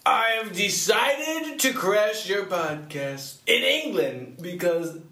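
A man's voice: high voice, animated, takes it slowly, sharp tone, roomy sound, exaggerated voice. A man doing a comic impression of a boastful male president, stretching out his superlatives.

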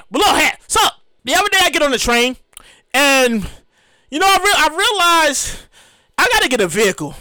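A man's voice: very high voice, dry recording. A young man hosting a show, delivering a rambling, profane, comedic rant. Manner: rambling, repetitive, profane, excitable. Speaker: podcast host.

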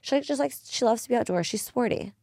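Animated young woman podcast host. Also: a little high, quick pace, gravelly, no echo, clean studio sound. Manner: animated storytelling, heavy use of "like", swears freely. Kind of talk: casual chat. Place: small studio.

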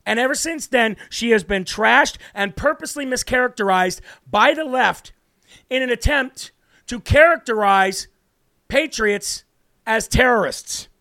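A man's voice: sits high, bright, forceful tone, no room sound, studio quality. A man with an American accent hosting a political talk show, talking in a brash, indignant way that repeats words for emphasis.

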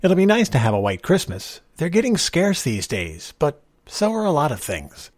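Storybook figure: man voicing a stout, easygoing older stranger, higher and louder than the narrator, husky. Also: wildly swooping pitch, normal speed, no echo, clean studio sound. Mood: gently knowing. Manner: easy, gently persuasive, gleeful bursts. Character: stout kindly older male stranger, quietly knowing.

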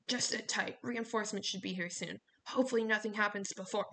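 A woman voicing a gruff, brusque middle-aged male coach who grumbles and barks orders. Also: mid-range voice, brisk, sharp tone.

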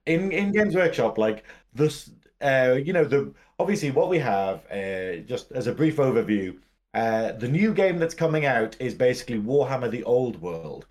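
A man's voice: medium pitch, expressive, normal speed, a little mellow. Chatty man on a podcast. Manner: chatty, joking, tangents into silly hypotheticals. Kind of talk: casual podcast chat.

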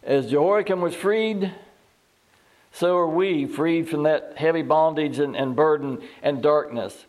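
Higher-voiced man preaching a sermon. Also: a little slow, darkish tone. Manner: reads scripture aloud and asks the listeners questions; repeats words and restarts phrases. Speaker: pastor.

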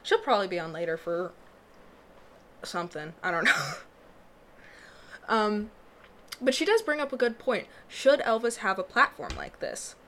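A woman's voice: medium pitch, lively intonation, normal speed, pauses often, sharp tone. Young woman, podcast host in a small booth, rambling casual delivery, frequent laughs, faint background hiss. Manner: rambling, self-interrupting, laughs often. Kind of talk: casual solo podcast chat.

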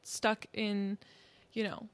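A woman's voice: medium pitch, completely flat delivery, slow pace. A woman in her early twenties co-hosting a podcast, rambling casually with many fillers. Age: early 20s. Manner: rambling, filler-heavy, laughs often. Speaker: podcast co-host. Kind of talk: casual chat.

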